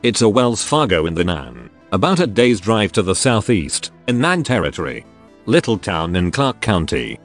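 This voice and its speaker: A man's voice: on the low side, big pitch swings, normal speed, faint music behind. A synthetic male text-to-speech voice voicing a pudgy, greedy middle-aged Irish mob fixer. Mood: businesslike.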